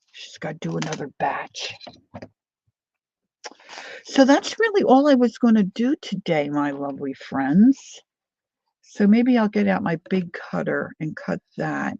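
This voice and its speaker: A woman's voice: low-pitched, gravelly, warm tone, no room sound, lo-fi sound. A woman chatting casually to viewers while she works on a paper craft journal, talking things over with herself as she goes. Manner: chatty, reads viewer comments aloud. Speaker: craft vlogger.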